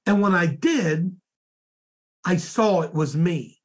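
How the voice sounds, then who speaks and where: A man, a minister, slowly recounting a dream in a sermon, halting and repeating words as he goes. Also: sits high.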